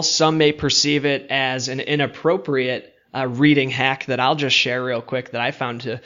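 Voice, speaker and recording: A man hosting a podcast, relaxed and lightly joking in casual conversation. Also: mid-range voice, dull audio. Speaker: podcast host.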